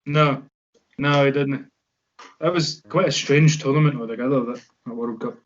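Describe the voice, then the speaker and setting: A Scottish man co-hosting a podcast, chatting with quick, blunt remarks. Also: medium pitch, fairly even intonation. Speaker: podcast co-host. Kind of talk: casual chat. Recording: dull lo-fi sound.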